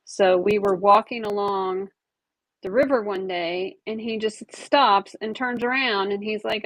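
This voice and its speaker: A woman's voice: mid-range voice, fairly even intonation, measured pace, rough recording. A woman chatting casually as she sells jewelry at a live online auction, describing each piece as she handles it. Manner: chatty, describes items while handling them. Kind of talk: casual live-stream selling chat.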